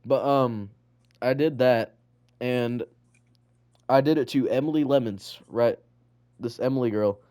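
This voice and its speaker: A man's voice: medium pitch, unhurried, pauses often, warm tone, clear, resonant tone, dry recording, clean studio sound. A young man co-hosting a podcast, rambling through school memories in casual chat, full of "like" and "bro". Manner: rambling storyteller, loads of "like" and "bro". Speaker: podcast co-host.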